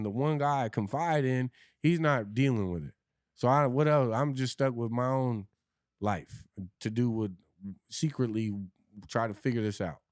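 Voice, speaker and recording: A man's voice: medium pitch, a little mellow, no room sound, clean studio sound. A man, a podcast guest, telling his own story candidly and bluntly, with profanity and frequent restarts.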